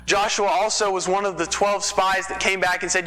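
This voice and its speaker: A man's voice: high-pitched, level tone, normal speed, hardly any pauses, sharp tone. A man from Texas preaching a sermon in a church, telling the story in a conversational way with folksy asides. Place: church sanctuary. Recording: long reverb of a church hall.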